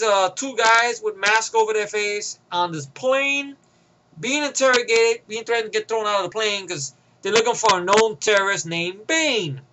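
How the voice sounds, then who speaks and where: A young man rambles through a profane, sarcastic movie review, loose and off the cuff. His voice sits high and bright, and a faint hiss runs under the recording. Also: poor audio. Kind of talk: casual rant review.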